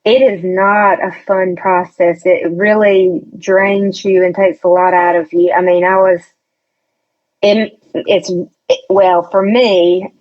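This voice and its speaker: A woman's voice: lowish voice, flat delivery, takes it slowly, lo-fi sound. A woman guest telling a personal story in a casual interview. She chats freely, acts out what others said, and laughs often. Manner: chatty storyteller who acts out quoted voices, laughs often. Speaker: podcast guest.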